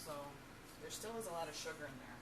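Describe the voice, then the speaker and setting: Middle-aged home-canning host with a low voice, chatty and playful, recorded from across a noisy kitchen. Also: female voice, lively intonation, fast, far from the mic. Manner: chatty, talks while working, playful. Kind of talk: casual how-to demonstration.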